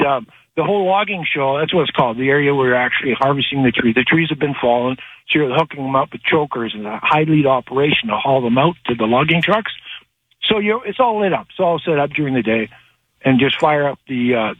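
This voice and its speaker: Man, phone-in caller, husky voice, rambling, animated, dry tinny phone line. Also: mid-range voice, quick pace, no room sound. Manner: rambling, animated, many restarts. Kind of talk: phone-in storytelling. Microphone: telephone.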